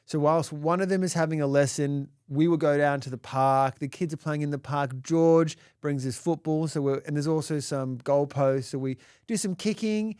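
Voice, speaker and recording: A man, co-hosting a parenting podcast and telling a story in a casual, animated way, acting out quotes, laughing and swearing. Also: fairly high pitch, moderate pace, few pauses, clean tone, no echo, studio quality. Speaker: podcast co-host, dad.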